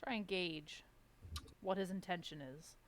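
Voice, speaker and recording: A woman player in a tabletop game, speaking in a dry, deadpan way. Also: fairly low pitch, unhurried, background noise. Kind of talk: playing her character in a tabletop game.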